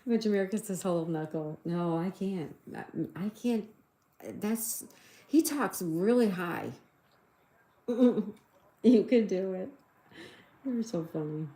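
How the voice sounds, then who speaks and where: A woman's voice: on the low side, a little slow, pauses often, warm tone, reverberant. A middle-aged woman hosting a casual livestream, chatting, giggling and reading out viewers' comments. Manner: chatty, giggly, reads out chat messages. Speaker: livestream host.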